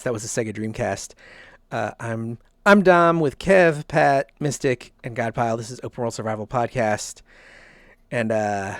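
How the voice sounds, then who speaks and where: A man hosts a casual podcast, telling rambling stories and chuckling often. His voice is medium-pitched. It comes through a close, dry mic with no room sound. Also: vocal fry, no echo. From American South. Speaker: podcast host.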